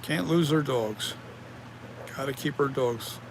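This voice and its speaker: Against a noisy background, the mask maker speaks slowly in a mid-range voice. He rambles through a relaxed live stream, reading viewers' comments and responding to them.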